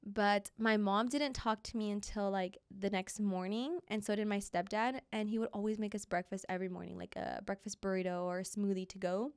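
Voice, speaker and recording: A woman's voice: medium pitch, fairly even intonation, brisk, few pauses, clear, resonant tone, no echo. Young woman guest on a podcast, chatty storyteller, does little voices for people in her stories, dry close sound. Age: young adult. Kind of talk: casual chat.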